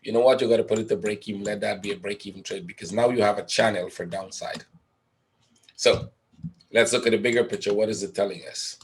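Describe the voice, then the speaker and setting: Thinking aloud over a chart, a trading educator asks himself questions and answers them in a live webinar, repeatedly tacking on "right?" He talks quickly in a low, fairly even voice.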